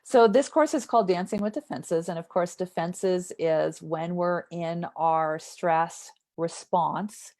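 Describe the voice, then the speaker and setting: A woman's voice: fairly low pitch, takes it slowly, hardly any pauses, a little mellow. A woman who works as a somatic trauma therapist, explaining earnestly as an interview guest and often checking in with "right?".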